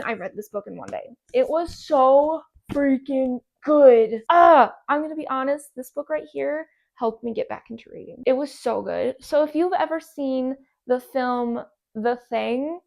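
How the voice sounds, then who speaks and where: A woman's voice: high voice, gravelly. A woman vlogger gushing about book recommendations in casual, repetitive chat. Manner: gushing, enthusiastic, repeats herself.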